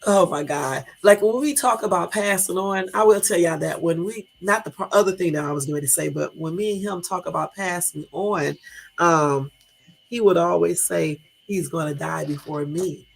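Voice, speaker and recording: A woman's voice: fairly low pitch, moderate pace, vocal fry, breathy edge, low-quality recording. A middle-aged woman livestreaming casual chat to viewers, rambling and joking, laughing often. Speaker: livestream host.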